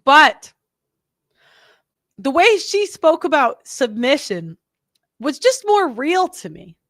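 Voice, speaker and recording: Young woman host, high voice, close dry mic, blunt and rambling with fillers. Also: sing-song, slow pace, a bit bright, no echo. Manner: chatty, rambling, blunt, many fillers and restarts. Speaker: podcast host. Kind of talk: casual opinionated monologue.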